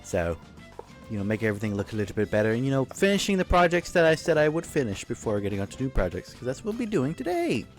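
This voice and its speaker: Gaming channel host, male, loose self-correcting commentary, lively voice, music bed under him. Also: medium pitch, fast talker. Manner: rambling, self-correcting, jokey. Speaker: gaming YouTuber. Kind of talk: casual gameplay commentary. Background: faint background music.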